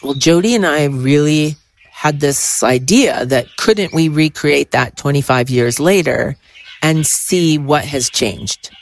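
A middle-aged woman retelling a personal story, animated and full of quoted dialogue. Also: deep voice, takes it slowly, a little hiss or hum. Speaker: guest storyteller.

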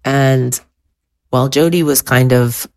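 Woman storyteller, middle-aged, low and measured, vivid anecdotal delivery. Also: no room sound. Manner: vivid, animated retelling with quoted dialogue. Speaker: guest storyteller. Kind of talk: personal storytelling.

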